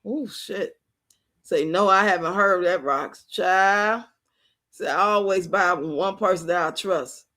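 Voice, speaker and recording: A middle-aged woman hosts a livestream, chatting casually and telling stories, laughing a lot and acting out what people said. Her voice is on the low side with a sharp tone, and she takes her time.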